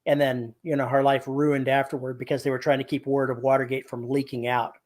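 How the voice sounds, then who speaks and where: A podcast co-host with a medium-pitched, level, slightly mellow voice speaks briskly while chatting casually about writing. A chatty storyteller, he retells a scene and acts out the quotes.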